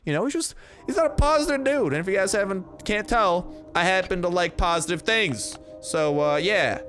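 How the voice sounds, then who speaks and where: A man's voice: a little high, fairly bright tone. A young man giving casual, slangy gameplay commentary, chatty and full of jokey asides.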